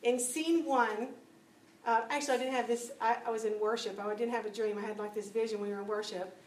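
A woman giving a spoken testimony to a church audience, telling stories with lively acted-out dialogue. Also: fairly high pitch, quick pace. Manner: animated storytelling, acting out dialogue. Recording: echoey room, distant mic, faint noise.

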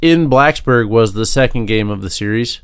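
Relaxed man co-host, smooth resonant voice, dry close sound, casual sports chat. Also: medium pitch, normal speed, no room sound. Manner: relaxed, conversational, uses filler "like". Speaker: podcast co-host.

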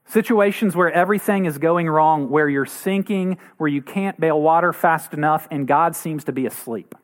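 A man preaching a sermon as pastor, earnest, acting out quoted voices now and then. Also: moderate pace. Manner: earnest, acts out quoted voices with rising pitch.

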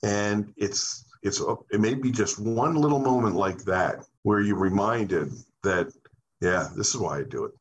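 A man's voice: lowish voice, measured pace, breathy edge, poor audio. A man who is a police officer, reflecting on his work in an interview in an earnest, stop-start way.

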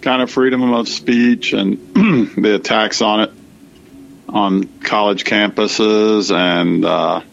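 Low gravelly guy chatting politics on a podcast, kinda dull lo-fi sound, easygoing with lots of you-knows. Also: steady tone, slight background noise. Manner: conversational, measured, with fillers. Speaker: podcast co-host. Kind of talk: casual political talk.

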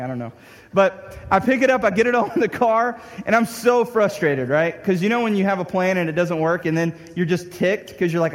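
A young man telling a story as a sermon, acting out his own frustration with bursts of shouting. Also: high-pitched. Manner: animated, acts out his own anger with shouts. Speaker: pastor. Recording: long hall reverb.

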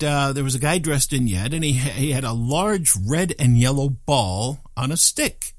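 An older man spins a personal anecdote, his mid-range voice rising and falling with lively swings of pitch. He tells it with self-deprecating humor and chuckling asides, recorded dry and close with no room sound. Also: dry recording. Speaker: storyteller. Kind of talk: personal storytelling.

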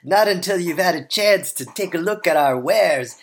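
A woman plays a smug male farmer who puts on humble airs. His voice sits low and his pitch is lowered. He pitches his goods in a sly, hammy way, as in a comedy improv sketch. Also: lively intonation, moderate pace. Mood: salesy. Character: smug male farmer brother, showy fake humility.

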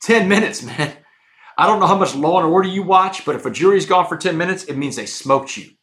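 A man telling his own story as a podcast guest, intense and emphatic, going from hushed lines to shouted ones. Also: high-pitched, expressive, brisk. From Texas. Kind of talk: dramatic storytelling.

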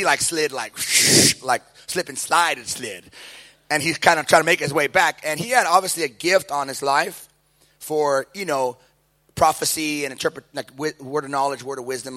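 A middle-aged man, preaching a sermon and telling his life story with lively, acted-out quotes. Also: a little high. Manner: animated storytelling, acting out quoted voices. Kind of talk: sermon testimony.

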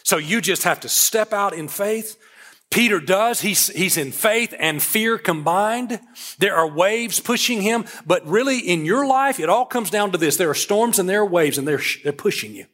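A man in his forties delivers a sermon as a pastor, his voice pitched noticeably high for a man. He tells his story in a relaxed, chatty way and then swells into emphatic, fervent preaching. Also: moderate pace.

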